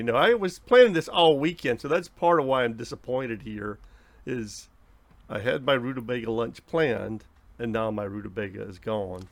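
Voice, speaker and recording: Man, gravelly, dry sound, aggrieved, rambling. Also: medium pitch, moderate pace, no echo. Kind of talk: improvised comedy.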